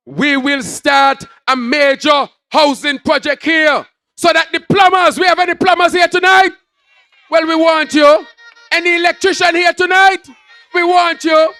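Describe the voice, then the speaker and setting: Fiery shouting Kittitian politician, high and gravelly. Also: male voice, no room sound. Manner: shouted, rousing, repetitive call-and-response phrasing. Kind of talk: political rally speech. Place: outdoor public rally.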